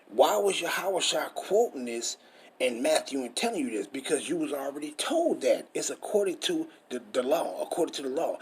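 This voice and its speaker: Husky, emphatic preaching man. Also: a little high. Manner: preachy, emphatic, profane, rhetorical questions. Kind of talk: street-style scripture teaching.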